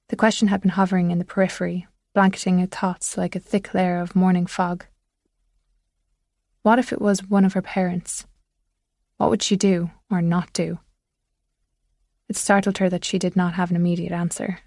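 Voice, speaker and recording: A woman narrating a thriller audiobook in measured, scripted storytelling. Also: fairly low pitch, little pitch movement, mellow, no echo, studio quality.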